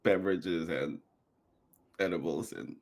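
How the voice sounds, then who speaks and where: Low-voiced laughing podcast host. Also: male voice, measured pace. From Korea. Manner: soft-spoken, laughing, self-deprecating. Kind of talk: casual conversation.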